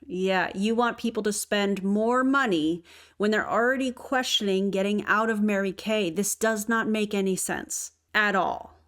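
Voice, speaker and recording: A woman's voice: medium pitch, a little slow, a bit bright. Woman reacting to a clip, incredulous and biting. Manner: incredulous, critical, sarcastic. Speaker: commentary host. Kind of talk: reaction commentary.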